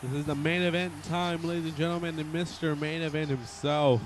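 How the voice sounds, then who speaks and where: A man giving casual, excitable play-by-play commentary on a wrestling video game, rambling and often correcting himself. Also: fairly high pitch, brisk, background noise.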